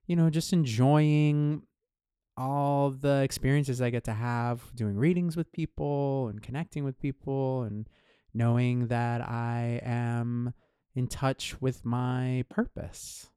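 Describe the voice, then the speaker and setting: Smooth-voiced easygoing man co-hosting. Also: mid-range voice, fairly even intonation, takes it slowly, warm tone, no room sound, studio quality. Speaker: podcast co-host. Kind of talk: casual chat.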